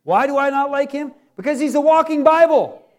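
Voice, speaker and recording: Folksy high-voiced male pastor. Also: a little fast, lo-fi sound. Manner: folksy, joking, acts out little scenes. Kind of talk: sermon.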